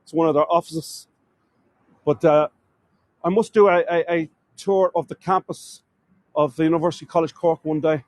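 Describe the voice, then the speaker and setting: A slightly high-voiced Irish man talks viewers, his "folks," through a live walking tour of a city's streets. He keeps a moderate pace and fairly even intonation, pausing often and frequently stumbling over and correcting his words. The recording is dry.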